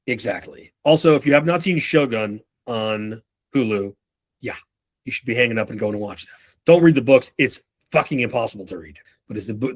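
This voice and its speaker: Casting: male sales coach in his thirties, mid-range pitch, loose and profane, slips into quick impressions. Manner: loose and profane, acts out customers and reps in quick bits. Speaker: sales trainer. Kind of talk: casual spoken sales training talk.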